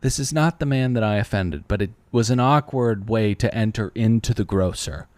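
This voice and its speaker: A man co-hosting a podcast, telling a casual story with lively acted-out quotes. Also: normal speed, no echo. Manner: animated storyteller acting out high-pitched quoted voices. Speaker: podcast co-host.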